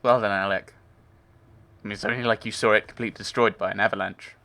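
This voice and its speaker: A man's voice: lowish voice, steady tone, fast talker, pushed and bright. A man playing a video game and chatting to himself in loose, musing commentary. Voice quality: gravelly. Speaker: game player. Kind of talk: casual gameplay commentary.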